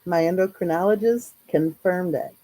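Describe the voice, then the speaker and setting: A woman's voice: fairly low pitch, normal speed, warm tone, rough recording. A woman hosting a casual live chat, talking in a chatty, rambling way with lots of fillers. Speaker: true crime channel host.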